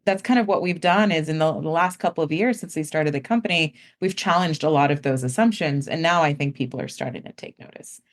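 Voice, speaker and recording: A woman guest speaks with a slightly lower voice. She explains in an easy, conversational way, with lots of "like", and slips into the voices of worried customers as she goes. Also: fairly quick, few pauses. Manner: casual, heavy use of "like", acts out customers' words. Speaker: guest, company founder.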